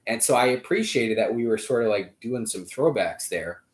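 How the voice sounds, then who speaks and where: A male podcast host talking in a casual, rambling way with lots of fillers and sudden jumps in pitch and loudness. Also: animated, normal speed. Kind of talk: casual chat.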